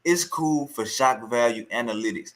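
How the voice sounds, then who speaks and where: A man's voice: medium pitch, normal speed, fairly bright tone. A man reacting to a clip in heated, scornful casual commentary, repeating himself as he rants. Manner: heated, scornful, repetitive ranting.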